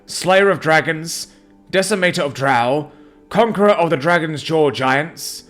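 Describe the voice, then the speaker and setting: A man voicing a formal herald who announces titles slowly and grandly. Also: fairly high pitch, a bit bright, voice pushed up. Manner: slow, grand and ceremonial.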